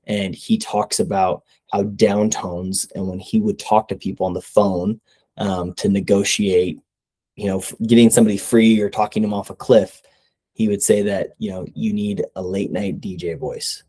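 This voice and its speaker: A man's voice: fairly low pitch, fairly even intonation, moderate pace, dark tone, slightly rough. A young man giving casual sales coaching, talking conversationally and often checking in with "right?". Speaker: sales trainer.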